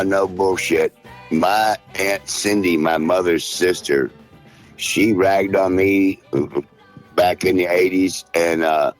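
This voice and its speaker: A middle-aged man hosting a podcast, griping and rambling in profane, gruff comedic banter. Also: low voice. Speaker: podcast host.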